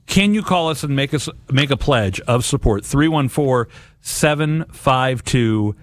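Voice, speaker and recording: Male radio co-host from Missouri, earnest and joking, mid pitch, dry studio mic. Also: expressive, moderate pace, dry recording. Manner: earnest, jokey asides. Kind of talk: live radio fundraiser chat. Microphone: studio microphone.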